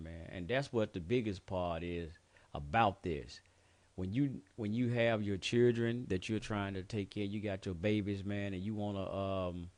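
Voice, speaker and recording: A man hosting a show, talking candidly and bluntly in a heartfelt personal monologue, swearing often and saying "man" a lot. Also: on the low side. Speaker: show host.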